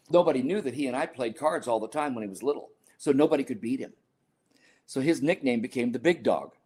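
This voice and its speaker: A man's voice: mid-range voice, darkish tone. An older man telling a personal story in a podcast interview, earnest and emotional, now and then correcting himself. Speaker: guest, sports scientist and author.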